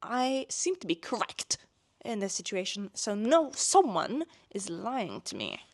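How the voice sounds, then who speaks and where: A sarcastic teenage girl fuming over being fussed over, put on by a woman. She grumbles and swears, sometimes in a hushed hiss, and plots quietly. The voice stays close to the reader's own. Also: mid-range voice, big pitch swings, a little slow, no echo. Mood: scheming.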